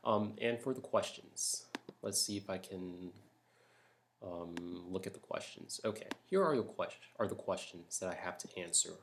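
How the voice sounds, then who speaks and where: Hushed, halting man for a late-night home vlog; very low voice. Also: a little hiss or hum. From Jacksonville, Florida. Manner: talking softly late at night, hesitant fillers. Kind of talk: accent tag reading. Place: house at night.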